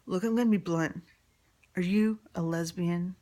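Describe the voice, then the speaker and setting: A man's voice: high-pitched, expressive, normal speed, pitched above the performer's own voice. Woman doing a blunt, nosy middle-aged dad. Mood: prying. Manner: blunt, prying.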